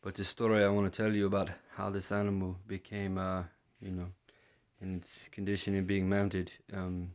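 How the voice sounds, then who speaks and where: A man's voice: deep voice, monotone, normal speed, a little mellow. A man from London, telling a personal story in a hesitant way, full of fillers and restarts. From London, England. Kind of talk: first-person storytelling monologue.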